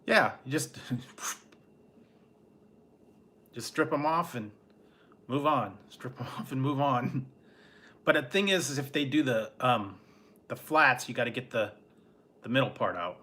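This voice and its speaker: A man's voice: mid-range voice, animated, unhurried, pauses often, sharp tone. A man chatting casually on a late-night livestream, rambling in an easygoing way and chuckling often. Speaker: food vlogger.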